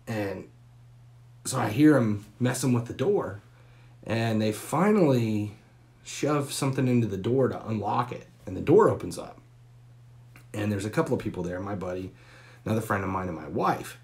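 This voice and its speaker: A man in his forties with a deep, low voice spins a long personal story on a live stream. He talks casually and bluntly, swearing freely and stretching the tale out with pauses and fillers. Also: lively intonation, vocal fry, a little mellow. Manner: candid, profane, drawn-out story with pauses and fillers.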